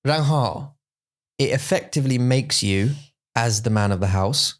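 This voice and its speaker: Pria yang bercerita dengan hidup. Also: male voice, medium pitch, unhurried. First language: English. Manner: animated storytelling, acts out voices for effect. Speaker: podcast co-host. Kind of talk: casual bilingual chat.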